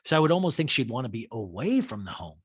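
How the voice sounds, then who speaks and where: A casual, wry man hosting a podcast, recapping for his audience with plenty of rise and fall in his voice. His pitch sits mid-range for a man, and the sound is close and completely dry. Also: very animated, quick pace, slightly rough, no room sound. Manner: chatty and wry, addresses listeners directly. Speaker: podcast host.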